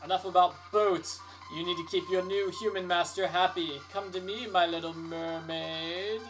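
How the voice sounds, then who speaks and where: A man doing a smug villain who drawls his threats slowly and coolly. Clear music plays behind the voice. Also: sits high, steady tone, close to an everyday voice. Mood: menacing. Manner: smug, slow and menacing. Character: sly villainous male kidnapper, smug and menacing.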